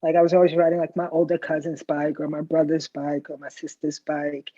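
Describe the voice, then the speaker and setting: A woman's voice: deep voice, little pitch movement, brisk, dark tone, no echo. A middle-aged woman, telling stories in casual chat and tagging her lines with "right?". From the Bronx, New York. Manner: chatty storyteller, tags lines with "right?". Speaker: customer guest. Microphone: video call. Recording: dull lo-fi video call audio.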